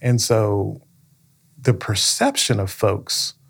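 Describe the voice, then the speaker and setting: A man's voice: on the low side, fairly even intonation, takes it slowly, gravelly, breathy edge. A man, a county manager being interviewed, answering in an earnest conversational way, telling stories and often checking in with "right?". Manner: earnest, storytelling, frequent "right?" check-ins.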